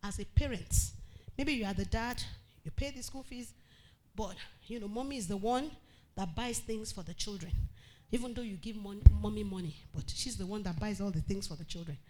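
A woman pastor preaching a sermon to a congregation, animated, acting out quotes and calling out loudly. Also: mid-range voice, normal speed.

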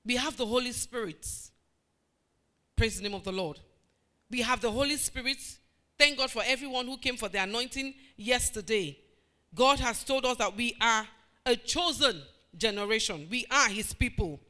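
Delivering a sermon at a moderate pace, this woman has a bright, forceful voice on the higher side. She repeats phrases emphatically, asks the congregation questions, and supplies the answers in a call-and-response style.

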